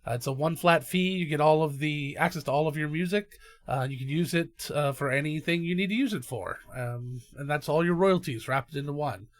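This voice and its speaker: Relaxed man running a tabletop game. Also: on the high side, fairly quick, dry recording. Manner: relaxed, filler-heavy narration. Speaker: game master and host. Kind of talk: narrating a tabletop game podcast.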